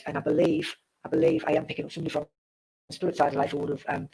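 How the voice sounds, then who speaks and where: Woman, psychic medium on a live stream. Gravelly voice, chatty and repetitive. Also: deep voice, sing-song, very fast, warm tone, poor audio. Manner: chatty, repetitive, laughs at tech trouble. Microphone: live-stream setup with a glitchy connection.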